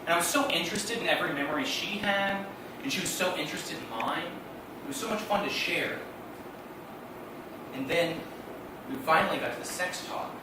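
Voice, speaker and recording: A man's voice: fairly high pitch, a little fast, long pauses. A man around thirty telling a comic personal story on stage, acting out voices and laughing through his lines. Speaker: solo storyteller. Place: theater stage. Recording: echoey stage from a distant mic with noise.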